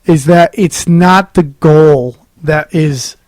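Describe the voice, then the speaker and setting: A man's voice: on the high side, takes it slowly, darkish tone, dry recording. Rambling, emphatic man with a dry sound. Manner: rambling, emphatic storytelling with many fillers. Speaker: stand-up comedian, podcast guest. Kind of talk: casual podcast chat. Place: comedy club.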